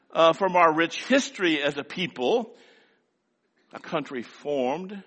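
A man's voice: on the high side, pushed and bright, long reverb tail. An older man preaching a sermon in a folksy, rhythmic way, with lots of repetition. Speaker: pastor.

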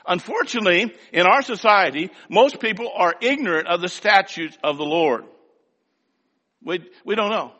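A man's voice: high voice, expressive, normal speed, bright, forceful tone, long reverb tail. An older man preaching a sermon in a folksy, rhythmic way, with lots of repetition. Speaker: pastor.

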